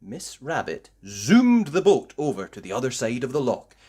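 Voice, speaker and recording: A man reading a children's picture book aloud, narrating slowly and expressively for young listeners. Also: mid-range voice, noisy background. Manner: slow, expressive storytelling. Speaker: storybook reader.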